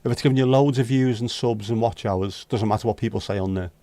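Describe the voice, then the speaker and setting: A man's voice: mid-range voice, fast talker, mellow, no room sound. A man hosting a casual livestream, chatting and joking with viewers as he reads their comments. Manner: chatty, joking, bantering with chat. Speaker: livestream host of a virtual pub.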